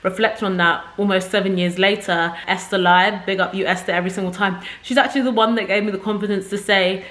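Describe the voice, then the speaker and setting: A woman's voice: medium pitch, fairly even intonation, quick pace, few pauses, fairly bright tone. Chatty, rambling young woman. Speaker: beauty content creator. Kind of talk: casual chat to camera. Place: home room with makeup setup.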